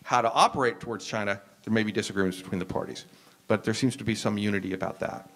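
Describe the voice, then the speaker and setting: A man's voice: fairly low pitch, steady tone, fast talker, fairly bright tone. American man lecturing with "um"s. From United States. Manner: explanatory, frequent "um" and restarts. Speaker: university professor, panelist. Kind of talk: lecture-style discussion.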